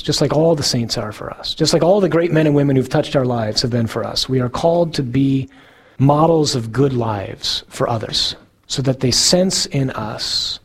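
A man giving a sermon as a priest, earnest, slowing down to stress key words. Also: mid-range voice, breathy edge. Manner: earnest, slows for emphasis.

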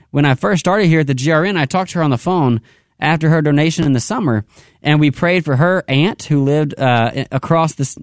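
A man hosting a radio pledge drive, upbeat and urging, who slows down to repeat phone numbers. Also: a little high, no echo, studio quality. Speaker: radio fundraiser host. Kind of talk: on-air pledge drive appeal. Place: radio studio.

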